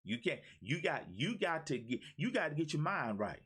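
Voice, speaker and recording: A man coaching viewers on a live stream. His voice sits fairly high and swings widely up and down as he preaches, repeating lines and calling out names. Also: big pitch swings, normal speed, a bit bright, husky. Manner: preachy, repetitive, calls out viewers by name. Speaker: life coach. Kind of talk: motivational live-stream talk.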